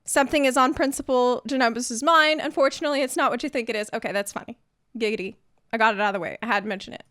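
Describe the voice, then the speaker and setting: A woman's voice: fairly high pitch, racing, fairly bright tone, no echo, studio quality. A young woman hosting a gaming video, ranting with sarcastic, indignant, theatrical outrage. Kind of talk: ranting game commentary.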